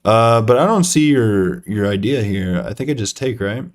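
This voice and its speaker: A man's voice: on the low side, lively intonation, normal speed. A young man live-streaming a chess game, talking to himself and chat with lots of fillers and self-deprecating groans.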